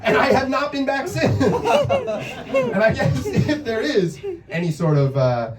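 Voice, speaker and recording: A stand-up comedian telling a story in an exasperated, profane rant that often turns into shouting. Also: high voice, big pitch swings, slow, over loud music. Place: small comedy night venue. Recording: echoey room, distant mic, audience.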